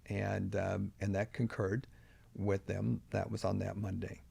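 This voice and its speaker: Gravelly older man telling his story. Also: low voice, flat delivery, a little slow, warm tone. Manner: earnest, emphatic at key moments. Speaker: podcast guest. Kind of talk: personal storytelling in an interview.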